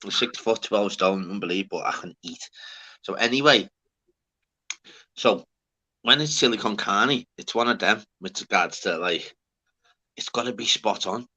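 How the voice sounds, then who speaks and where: Bright-voiced sweary lad chatting casually. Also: male voice, fairly low pitch, moderate pace, long pauses. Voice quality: sweary, rambling, laddish banter. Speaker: livestream host. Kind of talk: casual chat.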